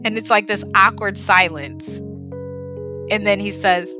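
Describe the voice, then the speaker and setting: Woman guest, emotional personal storyteller, unhurried, faint music underneath. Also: medium pitch. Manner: emotional, animated retelling with quoted voices.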